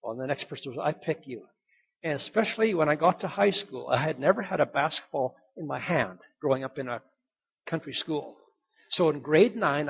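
A male pastor with a slightly high, husky voice and some vocal fry preaches a sermon, emphatic yet conversational. He hammers home key points through repetition, and the lo-fi recording sounds dull.

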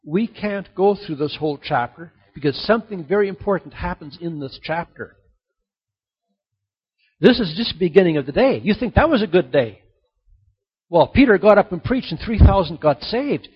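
A man with a high, husky voice preaches a sermon, animated and climbing to excited peaks as he drives each point home. The recording sounds dull and lo-fi. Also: normal speed. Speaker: pastor.

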